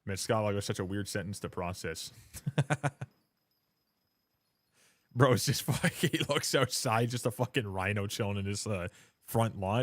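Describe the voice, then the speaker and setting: A man streaming a game live, chatting casually and rambling, swearing often and getting loud and hyped when thanking viewers. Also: fairly low pitch, a little slow, pauses often, no room sound, studio quality. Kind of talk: casual live-stream chat while gaming.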